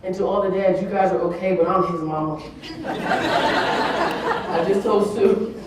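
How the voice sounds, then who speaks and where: At a summit, a keynote speaker with a mid-range voice gives an earnest, emotional speech at a measured pace, breaking into laughing asides. The large conference room is echoey, the mic sits far off, and the recording is very noisy.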